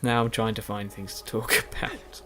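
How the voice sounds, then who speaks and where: Faint music plays behind a man whose fairly low, bright voice is forceful and level at normal speed. He's a gaming YouTuber doing post-recorded commentary over a game late at night, tired and yawning, rambling self-deprecatingly with lots of restarts and fillers.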